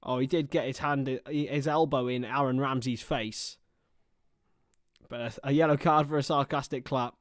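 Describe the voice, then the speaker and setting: A man's voice: mid-range voice, steady tone, normal speed, no echo, studio quality. A man commentating live on a football match for a livestream, mixing play-by-play with chatty, self-mocking asides.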